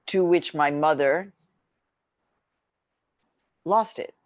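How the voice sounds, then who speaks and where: A middle-aged woman author telling a personal story with passion, her pitch leaping up when she gets excited. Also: a little slow, long pauses, no room sound, studio quality. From Mexico. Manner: animated, impassioned storytelling with lively pitch jumps. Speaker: author and journalist. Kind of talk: book talk, personal storytelling.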